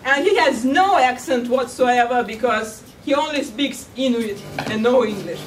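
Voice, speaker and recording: A woman's voice: fairly high pitch, unhurried, a little hiss or hum. A woman giving a humorous storytelling speech at a contest, playful and chuckling at her own jokes, recorded from far off in a large echoey hall. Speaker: contest speaker. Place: large hall at a cultural center.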